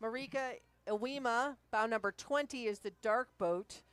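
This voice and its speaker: A woman commentating a rowing race live, briskly reading out the crews, their clubs and backgrounds. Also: a little high, clean tone, dry recording.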